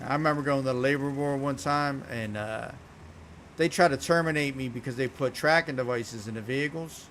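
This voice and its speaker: A man speaking at an ordinary middle pitch, spinning a long story while he streams a game. His delivery is blunt and animated, with plenty of swearing. A faint hiss of noise sits under his voice.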